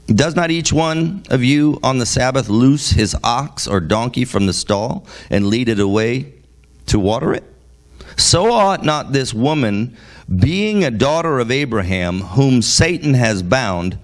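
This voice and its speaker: During a church service, a guest preacher reads scripture aloud as part of his sermon. He keeps breaking into emphatic, exasperated commentary, jumping from low reading to loud, high exclamations.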